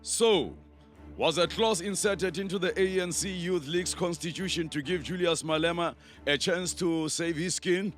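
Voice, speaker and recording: A man's voice: on the high side, normal speed, over music, lightly acted. A man playing a formal, earnest news anchor who interviews guests and keeps cutting in.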